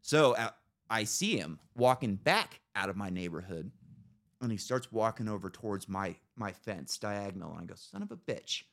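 A man's voice: fairly low pitch, expressive, moderate pace, a bit bright. A man hosting a casual podcast, telling a story with plenty of swearing and acting out his own reactions. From Idaho. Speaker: podcast host.

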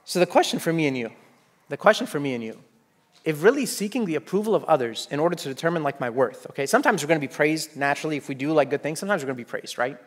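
A man with a high-pitched voice delivers a lively sermon. He acts out the voices he quotes with a lot of energy, repeats his phrases and keeps checking in with his listeners. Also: rapid-fire. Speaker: preacher.

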